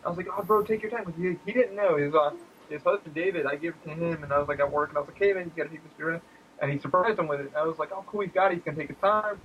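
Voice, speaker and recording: A man's voice: rapid-fire, muffled recording, slight background noise. A man on a casual gaming podcast, telling stories animatedly and acting out quotes in squealing voices, swearing freely. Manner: animated storyteller who acts out quotes in squealing high voices, swears a lot. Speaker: podcast co-host.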